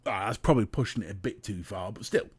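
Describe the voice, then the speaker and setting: A man's voice: fairly low pitch, fast, breathy edge. A British man hosting a casual livestream, chatting to viewers and reading their comments, jokey and talking straight to the chat. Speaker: livestream host.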